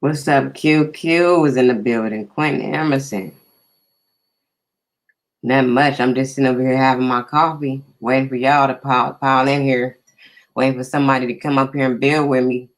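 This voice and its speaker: A man's voice: medium pitch, steady tone, normal speed, poor audio. A man hosting a casual live stream, chatting easily and greeting viewers by name.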